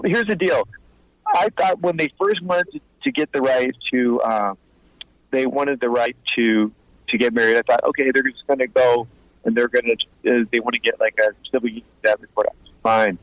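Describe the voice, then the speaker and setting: A man's voice: medium pitch, no room sound. Blunt street-smart guy in his 50s telling war stories, plays both sides of the convo, kinda muffled dry sound. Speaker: guest, former mobster turned informant and author. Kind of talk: casual interview storytelling.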